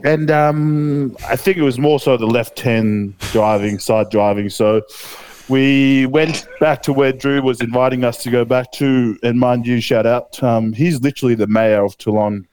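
Aussie bloke yarning on a podcast, smooth clear voice, swears heaps, lots of ums. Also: male voice, mid-range voice, fairly even intonation, unhurried, darkish tone, dry recording. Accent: Australian. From Australia. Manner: laid-back storytelling, heavy swearing, lots of fillers. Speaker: podcast co-host. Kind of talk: casual chat.

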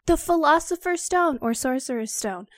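Woman reading as a young wizard boy, questioning, a little high, dry close sound. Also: lively intonation, normal speed, dry recording. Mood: puzzled. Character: eleven-year-old wizard boy, puzzled.

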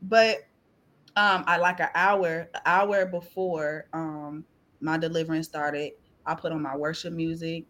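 A woman's voice: sits low, a little slow. Woman telling her testimony, laughing and tearful. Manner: animated storytelling, laughing and tearful. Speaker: podcast guest. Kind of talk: testimony in casual chat.

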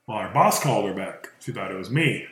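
A man's voice: lowish voice, expressive, a little fast, fairly bright tone. A man co-hosting a podcast with laid-back, teasing banter. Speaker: podcast co-host. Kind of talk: casual chat. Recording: very echoey room.

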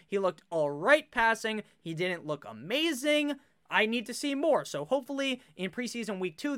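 Bright, high-voiced young man talking fantasy football. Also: clear, resonant tone, no room sound, clean studio sound. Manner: animated, swears freely, rambling asides. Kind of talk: casual draft commentary to camera.

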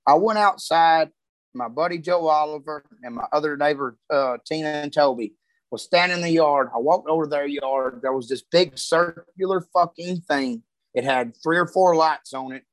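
A man's voice: on the high side, normal speed, dry recording, rough recording. A man telling a story in casual, profane talk, full of Southern grammar and heavy cursing.

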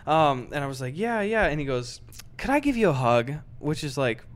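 A young man co-hosting a podcast, telling a story in casual chat and acting out the people in it with big swings in his voice. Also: normal speed. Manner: animated, acts out quoted voices with big pitch swings. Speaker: podcast co-host.

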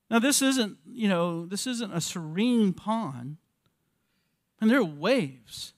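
A man's voice: high-pitched, expressive, slow, dry recording, clean studio sound. A man in his fifties preaching a sermon as pastor in a church, earnest and full of rhetorical questions, often repeating his words. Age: 50s.

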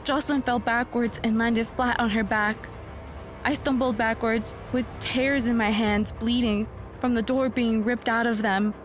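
A woman's voice: a little high, fairly even intonation, a little slow, faint music behind. A woman narrating a first-person horror story in a tense, earnest manner.

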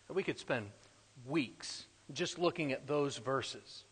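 A man preaching a sermon emphatically, swinging between loud declarations and quiet asides. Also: mid-range voice, slow, husky, in a large hall.

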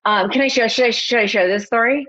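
A young adult woman, a photographer and podcast guest, telling a personal story in a lively, casual way and acting out her own past thoughts. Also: a little high, fast, muffled recording. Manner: animated storyteller, quotes herself.

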